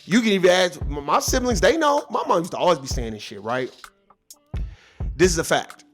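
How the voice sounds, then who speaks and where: A man's voice: sits high, very animated, fairly quick, a bit bright, soft background music. Man telling a rambling, profane story. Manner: loose, profane, rambling with asides. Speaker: vlogger. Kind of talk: casual storytelling monologue.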